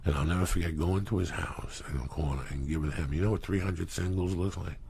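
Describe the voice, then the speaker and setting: Deep rough-voiced guy, middle-aged, swearing a lot, telling wild stories. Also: quick pace. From New Jersey. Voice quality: gravelly. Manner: profane, animated storytelling with acted quotes. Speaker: storyteller guest. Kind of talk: casual storytelling.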